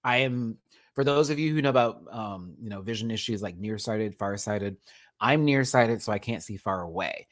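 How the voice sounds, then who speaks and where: A man, hosting a casual livestream from home, chatty and expressive, swearing freely and thanking viewers as he tells stories. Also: lowish voice, normal speed. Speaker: livestream host. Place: home, indoors.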